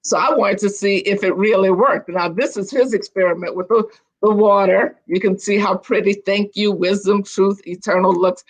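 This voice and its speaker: An older woman tells stories as a guest over a video call. She is animated and chatty, often breaking off to restart a sentence, at a middling pitch. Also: moderate pace. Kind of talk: casual storytelling on a video call.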